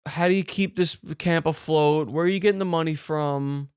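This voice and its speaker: A man's voice: fairly high pitch, moderate pace, few pauses, clear, resonant tone, no echo, studio quality. A man hosting a comedy show, ranting in disbelief, swearing and repeating questions for effect. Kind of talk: comedic rant reacting to clips.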